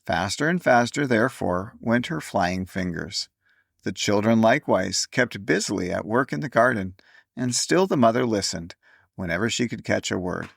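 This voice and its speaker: A man reading a classic story aloud in measured audiobook narration. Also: on the low side, gravelly, no echo, studio quality.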